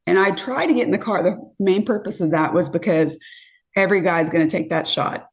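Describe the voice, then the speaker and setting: A woman's voice: lowish voice, a little fast. Woman in her fifties telling dating stories. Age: 50s. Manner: animated, acts out quotes. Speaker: podcast guest. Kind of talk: casual storytelling.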